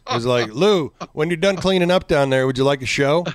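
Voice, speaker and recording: A man's voice: fairly high pitch, expressive, a little fast, dry recording. Crude sardonic male podcast host. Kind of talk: casual chat.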